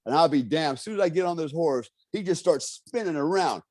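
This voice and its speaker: A man's voice: on the high side, a little fast, no echo, clean studio sound. A man telling a story in a casual interview, swearing freely and acting out the voices of the people in it. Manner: profane, animated, acts out quotes. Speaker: guest.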